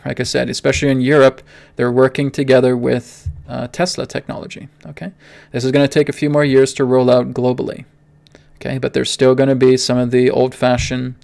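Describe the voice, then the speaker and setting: A man's voice: medium pitch, gravelly, darkish tone. A man hosting a live spiritual stream, talking emphatically and tagging his points with "okay?". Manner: emphatic, repeats "okay?" often. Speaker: spiritual reader and host.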